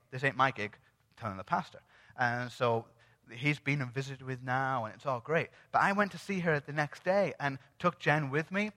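A man telling a testimony from the pulpit as a sermon, animated and acting out the dialogue. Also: fairly high pitch. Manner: animated storyteller who acts out quoted dialogue. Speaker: church speaker sharing a testimony. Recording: long reverb of a large hall.

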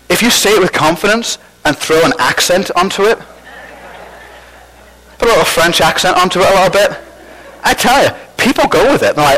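A man's voice: on the high side, fairly bright tone, rough recording. A man preaching a sermon as pastor, conversational and self-deprecating, with false starts.

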